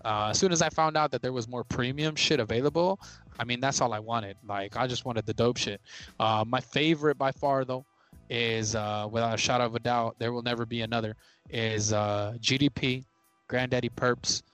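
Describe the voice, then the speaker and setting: A man's voice: medium pitch, normal speed, fairly bright tone, soft background music. A man in casual podcast chat, laid-back and slangy, with frequent swearing.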